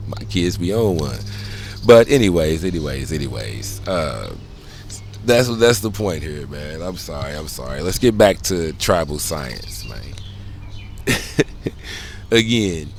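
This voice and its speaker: A man's voice: fairly low pitch, slight background noise. A middle-aged man hosting a casual monologue, loose and conversational, swearing often and checking in with "you know what I'm saying.". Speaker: podcast host.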